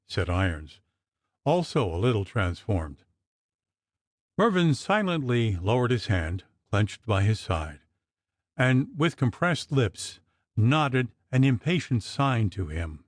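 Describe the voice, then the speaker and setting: A man narrating a gothic audiobook in a measured storytelling manner. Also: medium pitch, big pitch swings, no echo, studio quality.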